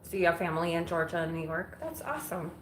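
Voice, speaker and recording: This is a casual live-stream chat: an Illinois woman with a fairly low pitch and lively intonation talks fast as she does chores, bluntly answering viewer comments and dropping occasional swear words. Her kitchen and living room windows are open, and the roomy home recording picks up faint background noise.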